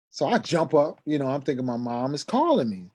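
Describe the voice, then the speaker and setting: A middle-aged man telling a personal story in a lively conversational way, acting out the dialogue and raising his voice sharply in the heated parts. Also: fairly high pitch, slight background noise. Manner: acts out quoted dialogue, voice rising sharply when agitated. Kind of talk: animated storytelling.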